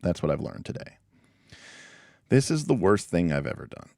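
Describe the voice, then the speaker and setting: A man hosting a casual livestream chat, his voice very low but swinging widely in pitch. He rambles and jokes at his own expense in a close, dry sound. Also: very animated, normal speed, vocal fry, a little mellow, no room sound. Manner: rambling, self-deprecating, jokey. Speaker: livestream host.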